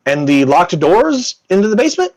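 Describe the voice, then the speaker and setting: A man's voice: sits high, very animated, moderate pace, a little mellow, pitched above the performer's own voice. A man doing a weary vampire duchess. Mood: cool. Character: aristocratic female vampire duchess, calm and weary.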